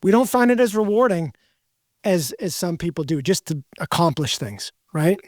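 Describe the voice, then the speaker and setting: A man hosts a podcast in a candid, rambling, self-deprecating style of casual conversation. His high-pitched voice is very animated with a darkish tone and normal speed, captured in clean studio sound without room sound.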